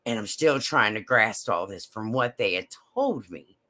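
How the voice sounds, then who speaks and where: A woman telling a personal story in a slow, halting, emotional way. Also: rumbling low, lively intonation, fairly bright tone. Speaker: vlogger.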